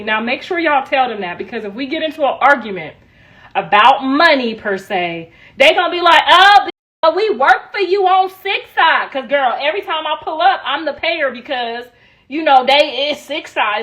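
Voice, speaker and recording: A woman's voice: high voice, a bit bright, poor audio. A middle-aged woman chatting casually on a livestream, laughing often, her voice worn out.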